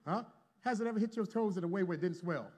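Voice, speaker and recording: High-voiced preacher swinging loud to hushed. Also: male voice, fast talker. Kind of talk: sermon. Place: church before a congregation.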